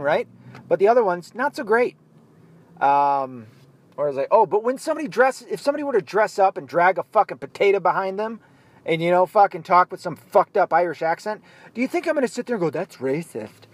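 A blunt, heated man delivers a profane solo rant in a fairly high voice. The recording is dry and close, with no room sound. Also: dry recording. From United States.

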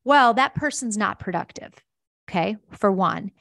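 A middle-aged woman who founded a company answers interview questions in a mid-range, slightly creaky, fairly bright voice with lively intonation, speaking a little slowly. She's enthusiastic, acts out the voices she quotes and laughs easily, all in clean studio sound with no echo.

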